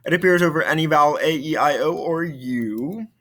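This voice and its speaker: A man's voice: a little high, moderate pace, a bit bright. A male French teacher giving a recorded video lesson, explaining patiently and repeating key points.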